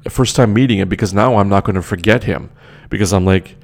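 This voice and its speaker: A man's voice: fairly low pitch, fairly quick, creaky. A young man telling a story in a casual, indignant rant, swearing often and repeating himself.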